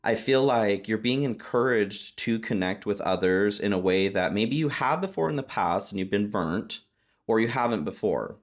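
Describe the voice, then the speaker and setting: Man, very low voice, chatty reassuring tarot reader addressing viewers. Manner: chatty, reassuring, frequent "okay?" check-ins. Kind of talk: casual tarot reading to camera.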